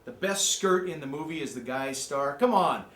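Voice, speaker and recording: A man giving a joking, excitable movie review rant, from the American Midwest. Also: a little high, normal speed, echoey room. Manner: joking, excitable, jumps into mocking voices. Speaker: amateur movie critic.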